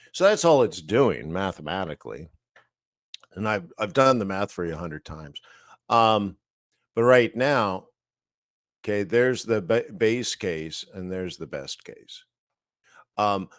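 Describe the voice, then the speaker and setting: A man teaching trading live, walking through price charts slowly, thinking aloud with fillers and asides. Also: on the low side, no room sound, clean studio sound. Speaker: trading educator.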